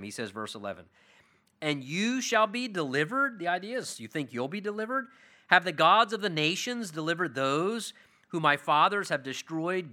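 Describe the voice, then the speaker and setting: Emphatic, bright-voiced male preacher. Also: a little high. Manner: emphatic, swings between loud declarations and hushed asides; conversational, plain-spoken Bible teaching. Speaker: pastor. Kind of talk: expository sermon.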